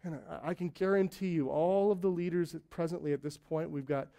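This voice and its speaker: A man's voice: on the high side, fairly even intonation, fairly quick, vocal fry, mellow. A man who leads a young church, preaching in a conversational way with joking asides. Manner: conversational, joking asides, acts out quoted voices. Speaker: lead elder of a church plant. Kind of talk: sermon.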